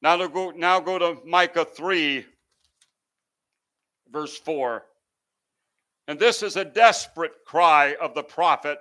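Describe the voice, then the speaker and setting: High, bright-voiced preaching man. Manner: impassioned, swells and drops in volume. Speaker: pastor. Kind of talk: sermon.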